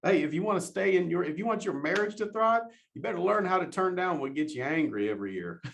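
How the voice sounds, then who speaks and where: A man with a drawl delivers a motivational talk in an animated way. He laughs often and repeats his questions to drive each point home. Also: high voice, fast, vocal fry, slight background noise. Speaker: motivational speaker.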